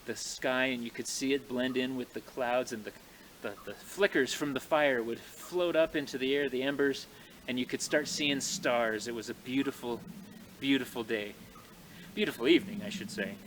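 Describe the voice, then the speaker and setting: A man telling a frontier tale in a folksy, animated way, speaking to his audience outdoors in snowy woods. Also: mid-range voice, normal speed, a little hiss or hum. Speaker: living history storyteller. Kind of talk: folksy oral storytelling.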